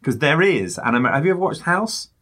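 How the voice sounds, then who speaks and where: A man's voice: on the high side, big pitch swings, quick pace, fairly bright tone. A man, co-hosting a casual film review with jokey, rambling asides.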